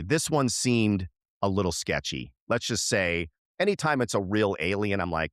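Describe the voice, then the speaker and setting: Middle-aged male podcast co-host, low-pitched, animated storyteller who acts out the lines of people in his story. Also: normal speed, no room sound, studio quality. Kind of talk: casual storytelling chat.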